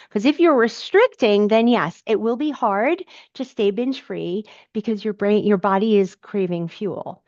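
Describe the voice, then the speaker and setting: A woman's voice: medium pitch, darkish tone, no echo, dull audio. A woman coach answering viewers' comments in a live Q&A, encouraging and emphatic, repeating her key phrases.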